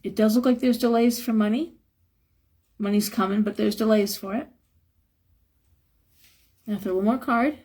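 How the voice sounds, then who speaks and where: A hoarse woman giving a frank, advice-giving live tarot reading and chuckling now and then. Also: a little high, fairly even intonation, moderate pace, pauses often, warm tone. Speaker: tarot reader.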